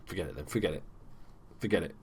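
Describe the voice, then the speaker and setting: A man giving casual, chatty commentary over a football management game, swearing freely and bursting into shouts at big moments. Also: deep voice, expressive, fast, breathy edge. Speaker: gaming YouTuber. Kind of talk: casual let's play commentary.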